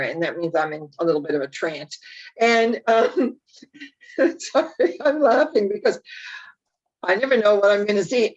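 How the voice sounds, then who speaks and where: Gentle, meandering woman giving a spiritual talk. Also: lowish voice, dull audio. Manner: meandering, reflective, gently encouraging. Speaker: spiritual teacher and YouTube host. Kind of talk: unscripted spiritual talk to camera.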